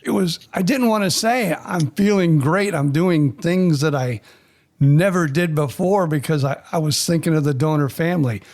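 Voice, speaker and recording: A man hosts a podcast conversation and asks his guest questions in a loose, rambling way, often starting a sentence over. His voice sits a bit higher than most men's. He has received a transplant himself. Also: normal speed, a little mellow. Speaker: podcast host, transplant recipient. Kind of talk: conversational interview.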